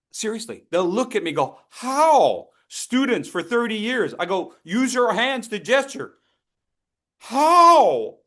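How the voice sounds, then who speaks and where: A man teaching as a speech coach, lively and playful, acting out his students and throwing in sound effects. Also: a little high. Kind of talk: lively training talk.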